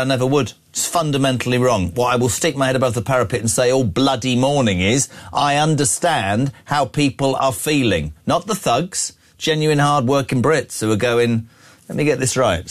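A man hosting live talk radio, speaking. He reads out listener messages and reacts in a blunt, indignant, bantering way, and his voice sits at an ordinary mid pitch. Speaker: radio host.

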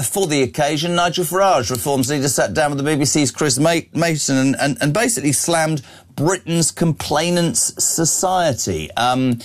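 A man presenting opinionated news commentary, sarcastic and jokey. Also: on the high side. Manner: sarcastic, animated, jokey asides.

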